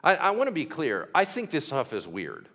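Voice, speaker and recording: A man's voice: fairly high pitch, wildly swooping pitch, moderate pace, a bit bright. A man preaching a sermon, telling the stories animatedly with sound effects and acted-out quotes.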